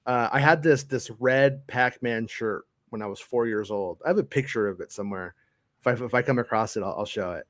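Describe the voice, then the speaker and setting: A man's voice: medium pitch, brisk, a bit bright, no echo, clean studio sound. A middle-aged man in casual chat, telling rambling childhood stories with lots of swearing and restarts. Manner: rambling storyteller, swears freely, many restarts.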